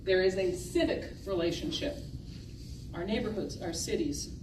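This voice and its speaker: A woman's voice: lowish voice, lively intonation, normal speed. A woman giving a humorous, self-deprecating talk to an audience of sisters, often laughing at her own stories. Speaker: speaker at a gathering of sisters. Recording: echoey hall from far off with noise.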